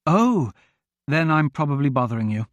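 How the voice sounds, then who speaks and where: A hesitant young princess, as a male narrator lifts his voice for her, asking soft, uncertain questions in a raised, lighter tone. The reading is dry and close, with no room around it. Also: a little high, sing-song, moderate pace, dry recording, highs cut off.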